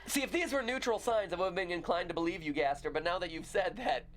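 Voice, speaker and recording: A man's voice: high-pitched, quick pace. A man hosting a game livestream, bantering playfully and reading game text aloud. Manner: goofy, animated, breaks into laughter. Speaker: livestream host playing a fan game.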